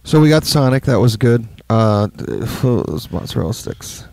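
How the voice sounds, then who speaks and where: Gravelly-voiced man chatting casually. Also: mid-range voice, expressive, unhurried, a little mellow, no echo. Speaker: podcast co-host, band member. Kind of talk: casual storytelling chat.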